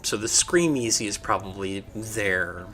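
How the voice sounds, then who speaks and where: A man narrating a tabletop game as game master, unhurried, with many filler ums. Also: lowish voice, lively intonation, pushed and bright.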